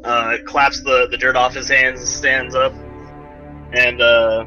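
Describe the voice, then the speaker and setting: Bright-voiced male game master. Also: mid-range voice, flat delivery, slow. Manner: rambling, many fillers. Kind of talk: narrating a tabletop game. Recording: dull lo-fi recording, faint music.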